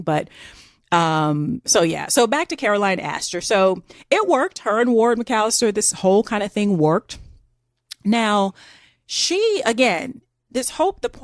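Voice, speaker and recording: A woman co-hosting a podcast, telling a history story in an animated, chatty way. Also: mid-range voice, no echo, studio quality. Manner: chatty, animated, says "girl" and "like". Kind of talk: casual storytelling chat.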